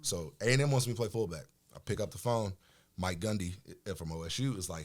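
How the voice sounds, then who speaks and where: A middle-aged man from Oklahoma, a podcast guest telling casual, animated stories about his football days. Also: deep voice, fast. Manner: animated storyteller, acts out quoted voices. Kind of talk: casual storytelling chat.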